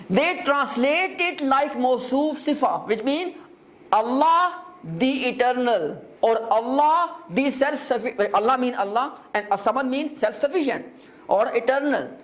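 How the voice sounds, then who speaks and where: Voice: high-pitched, animated, measured pace, fairly bright tone. Grammar teacher, live class, step-by-step explaining, frequent check-ins, quiz questions to the students. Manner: repeats key terms and asks the class questions.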